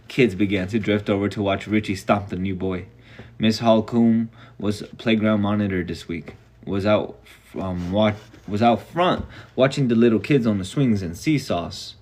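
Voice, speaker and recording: A man's voice: lowish voice, moderate pace, darkish tone. A man reading a novel aloud live, casual and reactive, sometimes swearing between passages. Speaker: reader.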